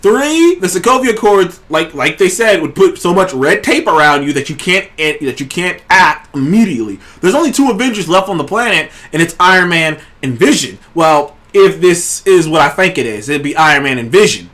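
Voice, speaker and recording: A man hosting a casual trailer review show, talking in an excited, rambling way and swearing freely. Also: on the high side, normal speed, hardly any pauses. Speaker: show host.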